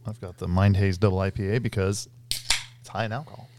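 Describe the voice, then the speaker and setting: A man's voice: low-pitched, fairly even intonation, fairly quick, noisy background. A man co-hosting a podcast in casual chat, with loose, profane banter and goofy impressions. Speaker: podcast co-host.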